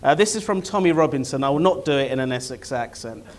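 A man's voice: mid-range voice, lively intonation, fast. A man chairing a live debate, introducing it with wry, teasing jokes and many hesitant fillers.

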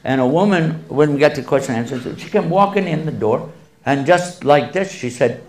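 Speaking at a normal speed in a fairly high voice, an Islamic lecturer responds to questions from a public audience. He is an animated storyteller who mixes in humor and performs the voices of the people he quotes.

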